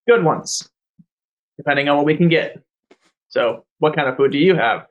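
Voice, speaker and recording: A man running a tabletop game as game master, casual and quick to laugh. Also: on the high side, highs cut off.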